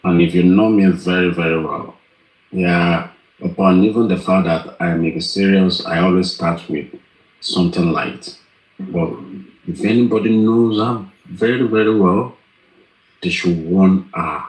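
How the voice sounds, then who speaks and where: A man speaking in a live group talk, earnest and pleading, with slow, deliberate phrasing. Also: deep voice, roomy sound, poor audio. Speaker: participant.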